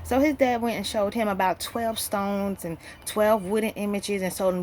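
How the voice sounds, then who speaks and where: A woman's voice: medium pitch, fairly even intonation, normal speed, few pauses, darkish tone, a little hiss or hum. A woman giving a casual Bible lesson, talking conversationally, with many fillers and rhetorical questions. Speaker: Bible teacher.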